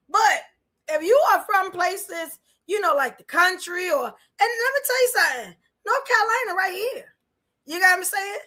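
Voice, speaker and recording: On a rough recording, a Brooklyn-born podcast host with a New York accent speaks in an extremely high voice. Laughing and animated, she reacts to things and chats bluntly with her listeners in casual commentary.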